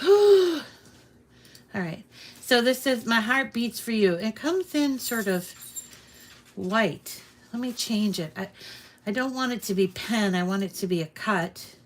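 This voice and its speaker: A woman's voice: a little high, animated, takes it slowly, long pauses. A woman hosting a casual crafting tutorial at home, chatty and meandering with frequent ums and restarts, a little out of breath. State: slightly out of breath. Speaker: crafting channel host. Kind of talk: casual screen-share tutorial.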